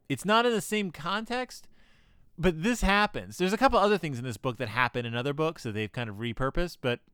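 Homme sarcastique, voix lisse et animée. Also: male voice, mid-range voice, sharp tone, clear, resonant tone, dry recording, studio quality. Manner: sarcastic, rambling, many "like" asides. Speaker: podcast host reviewing children's books. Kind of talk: casual comedic commentary.

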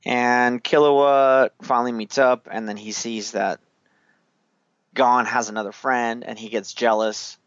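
A man's voice: medium pitch, steady tone, measured pace, fairly bright tone, dry recording, dull audio. Laid-back profane man recapping a movie. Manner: loose, profane, laughing storyteller. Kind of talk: casual chat recapping a movie.

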